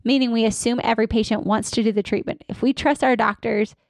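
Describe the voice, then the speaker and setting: A woman's voice: a little high, fairly even intonation, quick pace, no echo, clean studio sound. A woman consultant in her thirties, a podcast guest talking energetically and acting out staff and patient lines. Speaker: dental practice consultant.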